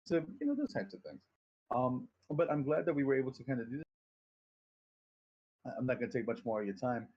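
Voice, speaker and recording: A man's voice: mid-range voice, sing-song, a little fast, long pauses, a little mellow, breathy edge, muffled recording. A man casually teaching voice acting on a stream, rambling, swearing freely and poking fun at himself. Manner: rambling, profane, self-deprecating.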